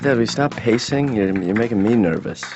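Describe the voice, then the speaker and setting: An actor playing a sardonic young adult son who mumbles dry, sarcastic jokes. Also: male voice, lowish voice, expressive, fairly quick, over music. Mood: teasing. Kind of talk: deadpan cartoon dialogue. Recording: dull lo-fi audio, faint hiss.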